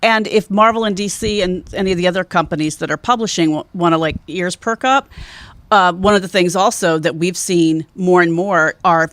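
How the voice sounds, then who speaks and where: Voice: mid-range voice, moderate pace, a bit bright, no echo. Chatty upbeat comic shop co-host. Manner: upbeat, chatty, lots of agreeing hums. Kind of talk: casual podcast chat.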